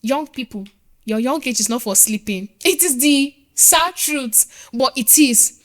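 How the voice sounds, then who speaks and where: A woman's voice: high-pitched, expressive, unhurried. A woman, a nurse speaking as a podcast guest, earnest and emphatic, repeating her points to drive them home. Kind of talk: motivational interview talk.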